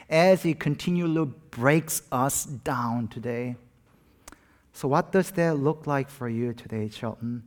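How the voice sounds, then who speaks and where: Earnest pastor preaching with emphatic swells. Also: male voice, medium pitch. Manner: earnest, rising to loud emphatic peaks on key phrases. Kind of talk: sermon.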